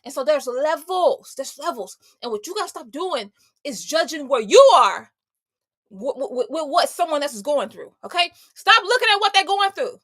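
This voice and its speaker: A woman's voice: high voice, very animated, moderate pace, fairly bright tone, no room sound, studio quality. A woman host giving a faith-based motivational talk, emphatic and slangy, speaking straight to her listeners. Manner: emphatic, conversational and slangy, addressing listeners directly. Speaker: homemaker, entrepreneur and mother.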